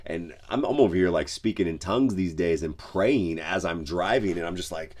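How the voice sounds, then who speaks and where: A man's voice: sits low, moderate pace, darkish tone. A man who is a pastor, giving a casual devotional talk on a podcast, loose and conversational with many fillers. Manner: conversational, lots of "like" and "you know".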